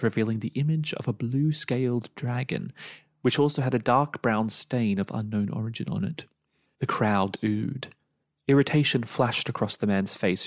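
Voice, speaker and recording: Male storyteller, expressive dramatic reading, middle pitch, dry close sound. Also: dry recording. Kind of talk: storytelling narration.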